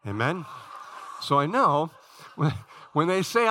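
Animated pastor with a bright voice. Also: male voice, takes it slowly. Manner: animated storytelling, dropping to a low quiet tone in prayer. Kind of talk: sermon.

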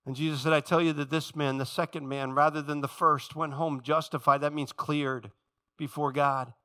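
A male preacher delivering a sermon in a church, with a high, ringing voice and a bright, forceful tone. He tells the stories in an animated way and slips into the voices of the people he quotes. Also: moderate pace.

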